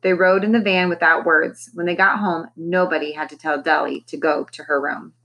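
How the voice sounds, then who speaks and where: A woman's voice: low-pitched, fairly even intonation, moderate pace, fairly bright tone. A woman, a teacher, reading a children's novel aloud expressively and raising her voice for the characters' lines.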